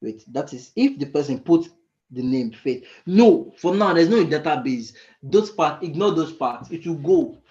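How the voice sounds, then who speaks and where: A man mentors beginner frontend coders in a live online session, his voice sitting a little high. He thinks out loud as he types and keeps stopping to hunt for the right term. The sound is dull and lo-fi, like call audio. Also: animated, unhurried. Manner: thinks aloud, often searching for words. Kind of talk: live screen-share coding lesson.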